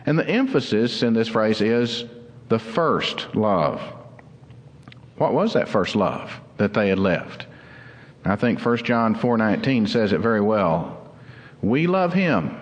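Earnest pastor preaching in a reverberant hall. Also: male voice, lowish voice. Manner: earnest, explanatory, slows down for emphasis. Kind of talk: sermon.

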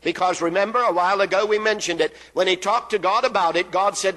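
On a rough recording, a man preaches a sermon in a high, bright, forceful voice. He speaks emphatically, drawing out his phrases and letting them fall at the ends.

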